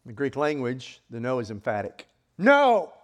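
A man preaching a sermon in an animated way, acting out voices with sudden loud outbursts. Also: medium pitch, brisk.

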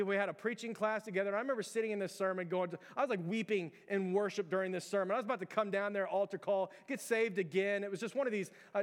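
High-voiced man preaching in a reverberant hall. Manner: conversational, fillers, rhetorical questions to the congregation. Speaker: pastor. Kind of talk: sermon.

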